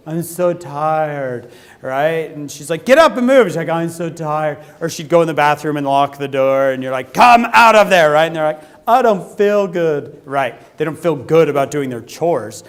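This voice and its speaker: A man giving a humorous talk to a youth conference, telling a story with lively acted-out quotes. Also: fairly high pitch. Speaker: youth speaker. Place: conference hall.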